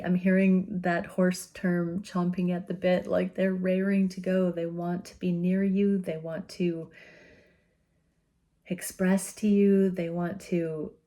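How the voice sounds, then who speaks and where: A woman giving an intuitive tarot reading, speaking in a gentle, soothing and earnest way with soft laughs. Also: on the low side. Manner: slow, gentle and soothing, often laughing softly; earnest and openly emotional. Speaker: tarot reader.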